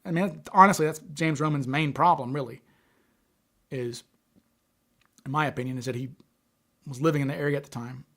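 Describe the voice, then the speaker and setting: A man with a fairly high-pitched voice chats casually as the host of a livestream. He stutters often, repeating words and restarting his sentences as he thinks aloud. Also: brisk, creaky, pauses often, fairly bright tone.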